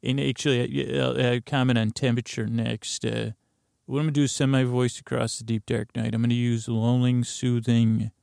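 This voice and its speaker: A man with a creaky, gravelly voice hosts a sleep podcast, wandering through self-corrections, filler words and side thoughts. Recorded in a closet on a close studio mic, the sound is dry and clean, and his medium-pitched, slightly mellow voice holds a level tone at normal speed.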